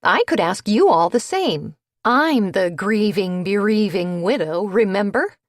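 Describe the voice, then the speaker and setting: A woman's voice: medium pitch, animated, dry recording, clean studio sound, close to an everyday voice. A woman narrator voicing a haughty, brash widowed landscaper who drags out her words. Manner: haughty, drawn-out emphasis.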